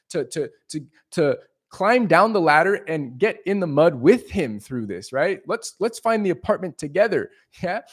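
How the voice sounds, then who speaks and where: Emphatic, profane man on a live stream. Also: fairly high pitch. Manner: emphatic and profane, with many repeats and restarts. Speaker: leasing agent and live streamer. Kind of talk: casual live stream monologue.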